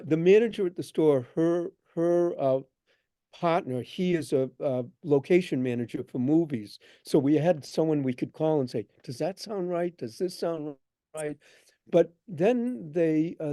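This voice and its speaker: A man's voice: a little high, unhurried, no room sound. A man telling stories of his trade to an audience, acting out the people in them as he goes. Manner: animated anecdotes, acts out dialogue. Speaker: guest speaker, bookshop owner. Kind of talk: storytelling talk. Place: event hall.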